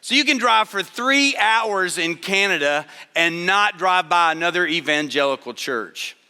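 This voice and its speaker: Long reverb fills the large chapel hall as a middle-aged speaker delivers a sermon of humorous, conversational stories. He speaks unhurriedly in a high, animated voice that is pushed and bright yet smooth.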